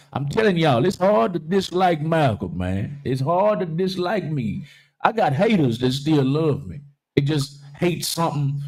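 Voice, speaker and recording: A man hosting a casual live-stream talk show, joking loudly, swearing freely and reading viewer comments aloud. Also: medium pitch. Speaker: livestream talk show host.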